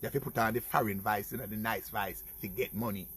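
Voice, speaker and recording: A middle-aged Jamaican man telling his own life stories in a casual vlog, animated and talking to his viewers as "people". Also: fairly low pitch, fast talker, a little hiss or hum. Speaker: vlogger. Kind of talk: casual storytelling.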